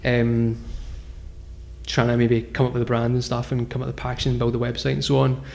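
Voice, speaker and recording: A man's voice: mid-range voice, monotone, brisk, vocal fry, a little mellow. A man, a guest founder telling his story in a casual interview, rambling with lots of fillers and restarts. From Scotland. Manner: rambling, filler-heavy, self-correcting.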